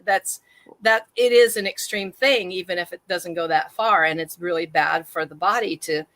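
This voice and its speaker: A woman's voice: on the low side, moderate pace, fairly bright tone, no room sound. A woman speaking as a guest on a conversation podcast, candid and self-deprecating, laughing easily at herself. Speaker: guest, trauma awareness activist. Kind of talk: reflective conversational talk.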